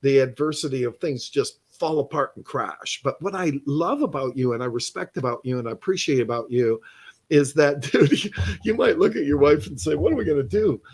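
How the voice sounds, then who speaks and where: Husky emphatic man hosting a podcast. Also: mid-range voice, expressive, moderate pace, darkish tone. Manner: emphatic, encouraging, says "dude" a lot. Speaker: podcast host. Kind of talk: casual interview chat.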